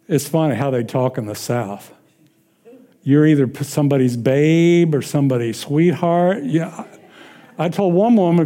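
Warm, animated, and on the high side, this man's voice carries a slow, drawn-out sermon where he asks the congregation questions and supplies the answers. He then tells casual personal stories punctuated by chuckles.

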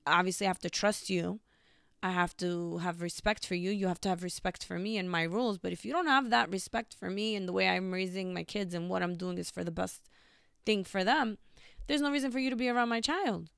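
A woman's voice: mid-range voice, a little fast, vocal fry, a bit bright, clear, resonant tone, dry recording, clean studio sound. A young woman hosting a talk show, speaking bluntly and emphatically in a casual monologue. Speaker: podcast host.

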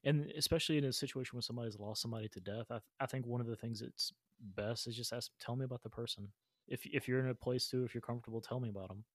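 A man's voice: mid-range voice, racing, dry recording, studio quality. A man hosting a podcast interview, reflective and repeating words as he thinks aloud. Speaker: podcast host. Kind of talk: casual interview talk.

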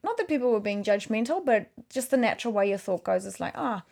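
A woman's voice: medium pitch, lively intonation, quick pace, vocal fry, a little mellow. A woman, rambling and correcting herself in casual chat about her video work. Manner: chatty, rambling, self-correcting. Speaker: video maker.

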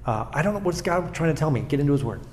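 A man's voice: fairly high pitch, lively intonation, rapid-fire, darkish tone, a little hiss or hum. A man, a pastor from South Florida, talking in an interview in an earnest way and often repeating words as he makes a point. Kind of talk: conversational storytelling interview.

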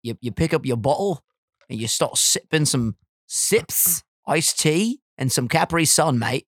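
A man co-hosting a casual podcast, excitable and giggly, swearing a lot, on a close mic. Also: on the high side, measured pace, breathy edge, dry recording. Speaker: podcast co-host.

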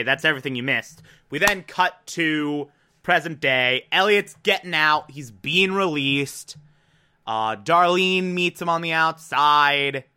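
A young man hosts a casual recap, talking in an animated, emotional way and swearing freely. His voice sits a little high and sounds bright and forceful. He speaks slowly and takes his time. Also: clean tone. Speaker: podcast host recapping a TV episode.

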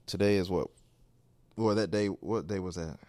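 Rambling low-voiced man telling a story. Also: normal speed, dry recording. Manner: rambling, animated storytelling with quoted asides. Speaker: podcast host. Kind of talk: casual storytelling monologue.

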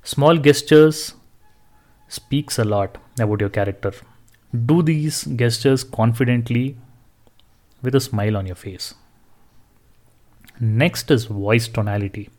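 A man's voice: mid-range voice, slow, pauses often, darkish tone. A man hosting a solo podcast, giving earnest advice with some restarts and fillers. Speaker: podcast host.

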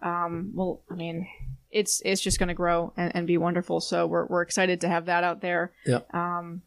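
A woman's voice: fairly low pitch, completely flat delivery, moderate pace, no room sound. A woman co-hosting a casual podcast chat in an upbeat, encouraging way. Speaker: podcast co-host.

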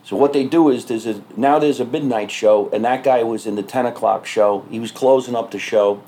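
A man, a stand-up comedian, telling stories in casual podcast talk, animated and swearing freely. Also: medium pitch, a little fast. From New Jersey.

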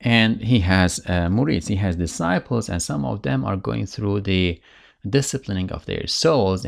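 Gravelly-voiced man giving a religious lecture. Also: fairly low pitch. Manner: earnest and emphatic, with restarts. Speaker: religious teacher.

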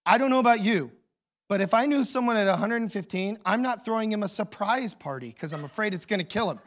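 High-voiced pastor preaching dramatically. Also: male voice, lively intonation, quick pace. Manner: storytelling, swinging between hushed and loud emotional delivery. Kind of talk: sermon.

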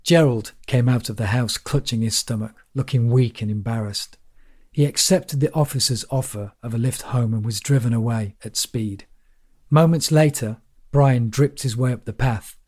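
A man reading a first-person story aloud in a measured, wry storytelling manner. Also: medium pitch, mellow. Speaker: audiobook narrator.

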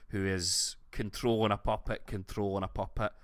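A Scottish man co-hosting a podcast, telling stories in a sweary, animated way. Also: on the low side, moderate pace, dry recording. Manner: sweary, animated storytelling with laughs. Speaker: podcast co-host. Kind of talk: casual chat.

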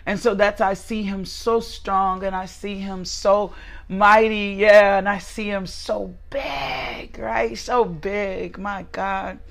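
A woman's voice: medium pitch, fairly even intonation, takes it slowly, creaky. Emphatic woman leading a prayer devotional. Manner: emphatic, repetitive praise, greets viewers by name. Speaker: devotional host. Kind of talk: live-streamed prayer devotional.

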